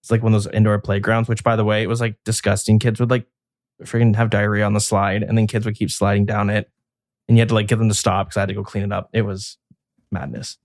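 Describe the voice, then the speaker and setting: A man's voice: fairly low pitch, flat delivery, fast talker, darkish tone, no room sound, clean studio sound. A man co-hosting a podcast in casual chat, rambling and restarting his sentences as he tells stories. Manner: rambling, chatty, frequent restarts and fillers. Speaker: podcast co-host.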